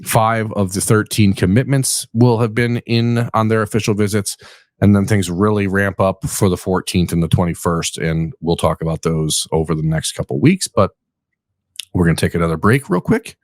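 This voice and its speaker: Tired, rambling low-voiced man host. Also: normal speed, no room sound. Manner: rambling, self-correcting, jokey. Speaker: podcast host. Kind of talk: casual sports talk.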